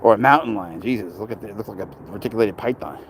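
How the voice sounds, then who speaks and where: A man's voice: fairly low pitch, very fast, slight background noise, low-quality recording. A man casually chatting on a livestream about his pet, rambling and blunt, swearing freely as he reads and answers comments outdoors.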